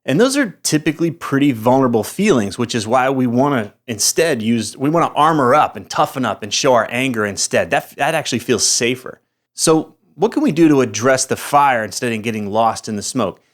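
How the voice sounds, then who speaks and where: A middle-aged man speaks to camera as a motivational coach, direct and plain-spoken, leaning on his words with emphasis. His voice sits at a middle pitch. A little music plays faintly underneath. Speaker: podcast host and coach.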